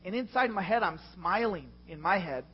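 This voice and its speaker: A middle-aged man preaching a sermon as a pastor, passionate and confessional, with loud swells. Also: high voice, lively intonation, moderate pace, highs cut off, a little hiss or hum. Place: church.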